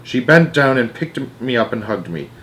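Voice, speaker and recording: Guy reading a kids' book out loud, regular pitch, dramatic storyteller vibe. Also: very animated, moderate pace. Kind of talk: reading a children's novel aloud.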